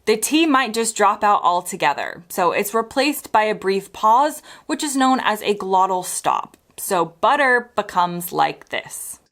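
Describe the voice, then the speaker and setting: A woman's voice: medium pitch, very animated, a little slow, hardly any pauses, a bit bright. An American woman teaching the differences between accents in a chatty, playful way, drawing out her example words. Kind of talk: explainer video.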